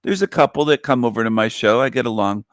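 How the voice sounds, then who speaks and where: A man hosting a livestream show, speaking at a middle pitch. His delivery is repetitive, taunting and sing-song. The sound is dry and close to the mic, with no room echo. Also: quick pace. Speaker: online show host. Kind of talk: mocking livestream monologue.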